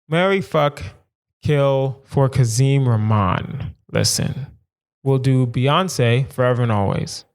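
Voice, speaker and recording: A man's voice: mid-range voice, clean tone. A young adult man hosting a solo comedy podcast, riffing emphatically and repeating lines for effect. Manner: animated, emphatic riffing with repetition. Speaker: podcast host.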